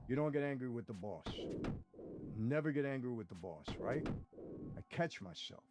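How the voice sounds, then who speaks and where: A man telling a dramatic first-person story, talking straight to his listeners and moving between hushed and heated tones. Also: medium pitch, animated, normal speed. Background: music.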